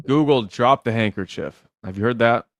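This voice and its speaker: A man's voice: medium pitch, moderate pace, no echo. A man working as a dating coach, giving blunt, teasing advice on a live stream and swearing freely.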